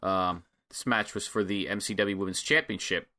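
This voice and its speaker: A man co-hosts a casual podcast chat, laid-back and dryly funny while he recaps what happened. His voice sits a bit low but comes across bright and clear. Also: steady tone, normal speed. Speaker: podcast co-host.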